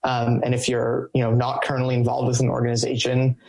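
A man who works as a coalition organizer, answering interview questions in a halting way, with many ums and restarts. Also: mid-range voice, monotone, creaky, a little mellow, low-quality recording.

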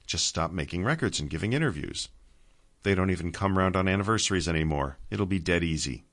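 A man playing a gentle earnest old man. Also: low-pitched, lively intonation, a little fast. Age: older. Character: old man, tender, steady.

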